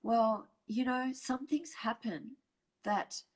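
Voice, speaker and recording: A woman presenting a live online workshop over a video call, chatting warmly with viewers, reading out their comments and laughing often. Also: fairly high pitch, slow pace, low-quality recording.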